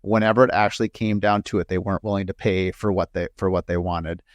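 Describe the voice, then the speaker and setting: A man from the northern United States hosting an interview podcast in a low voice. He tells rambling stories full of asides and fillers. The sound is dry and close. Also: fairly even intonation, quick pace, no room sound. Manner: rambling storyteller, frequent asides. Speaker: podcast host and home builder. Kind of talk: casual interview chat.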